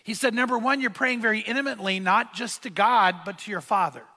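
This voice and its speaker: A man's voice: sits high, brisk. A middle-aged man preaching a sermon as pastor, telling stories in a casual, conversational way. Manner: storytelling with acted dialogue, conversational and lively. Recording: reverberant church hall.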